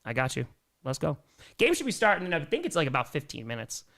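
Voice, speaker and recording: Young man, live sports streamer, high lively voice, bright tone, cheering and joking. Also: quick pace, gravelly. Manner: energetic, cheering, jokey. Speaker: sports streamer reading donations.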